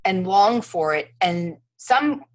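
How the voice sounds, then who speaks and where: A woman's voice: mid-range voice, expressive, slow, poor audio. A woman hosting an interview, enthusiastic and effusive, introducing and questioning her guest. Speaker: interview host. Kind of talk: interview conversation.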